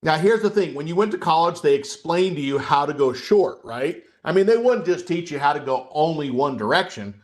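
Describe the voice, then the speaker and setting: A man's voice: fairly high pitch, animated, a little fast, hardly any pauses. A man coaching a live trading webcast, explaining in a conversational way and often checking in with his audience. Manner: conversational, asks the audience questions and checks in with "okay?".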